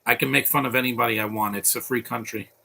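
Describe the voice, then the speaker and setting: Man doing loose live commentary over a cartoon: gravelly tone, offhand jokes, rambling asides. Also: medium pitch, fairly even intonation, fast, pushed and bright. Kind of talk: live watch-along commentary.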